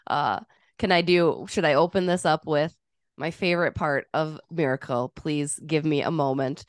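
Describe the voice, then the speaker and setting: A woman co-hosting a podcast with chatty, teasing, animated sports talk. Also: deep voice, moderate pace, no room sound, studio quality. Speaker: podcast co-host. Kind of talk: casual sports chat.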